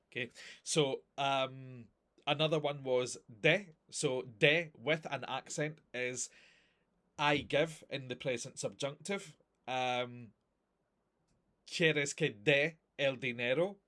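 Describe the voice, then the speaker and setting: A man's voice: mid-range voice, a bit bright. A man teaching a recorded grammar lesson, explaining patiently with examples and checking understanding often. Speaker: language teacher.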